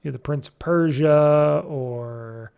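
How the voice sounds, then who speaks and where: A man with a gravelly edge and a fairly high voice, hosting a gaming podcast. He talks loosely and chattily, full of "um"s and restarts, like a casual solo game review. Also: takes it slowly, darkish tone.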